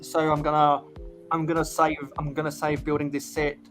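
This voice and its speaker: A man's voice: fairly high pitch, completely flat delivery, over music. A man hosting a livestream while building sets, chatting casually with many restarts and hesitations. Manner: halting, lots of restarts. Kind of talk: casual chat.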